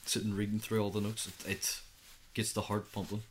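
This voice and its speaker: A man's voice: fairly low pitch, completely flat delivery, a little fast, a little hiss or hum. A thirteen-year-old boy, co-hosting a youth podcast in casual chat and acting out his own reactions as he tells stories. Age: 13, teenager. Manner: chatty storyteller, acts out his own reactions.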